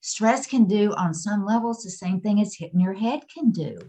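A woman's voice: mid-range voice, expressive, moderate pace, mellow, rough recording. A woman guest expert explaining in an interview, repeating her key points for emphasis.

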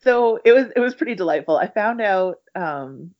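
A woman author as a podcast guest, soft-spoken and wry, telling stories with playful impressions of others. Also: mid-range voice, lively intonation, normal speed, lo-fi sound. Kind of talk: remote interview.

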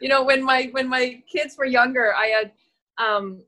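A middle-aged actress telling stories in a casual interview, animated and laughing, acting out the voices she quotes. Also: sits high, normal speed, poor audio. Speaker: actress and guest.

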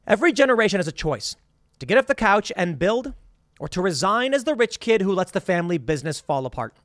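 A man's voice: sits high, sing-song, fast talker, fairly bright tone, no echo, clean studio sound. A man hosting his own political commentary show, reading quotes aloud and reacting with sarcasm.

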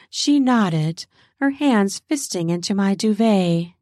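A woman narrating an adult audio story in a slow, intimate reading. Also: medium pitch, lively intonation, warm tone, dry recording, clean studio sound.

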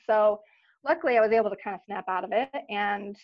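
A woman in her thirties telling her personal story as a guest in an interview, earnest and reflective, pausing often. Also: mid-range voice, fairly even intonation. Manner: earnest, reflective, soft-spoken with frequent pauses. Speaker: podcast guest. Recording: slightly dull recording.

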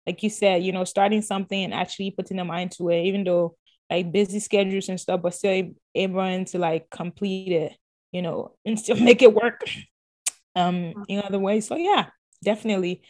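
A woman's voice: medium pitch, steady tone, brisk, a little mellow. A woman hosting a casual podcast, upbeat and chatty, repeating words and talking straight to her listeners. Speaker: podcast host.

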